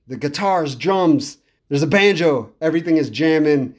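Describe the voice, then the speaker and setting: With a fairly high, expressive voice at a moderate pace, a man hosts a podcast and discusses an album. It's a casual music review monologue, enthusiastic and rambling, and he repeats things to stress them.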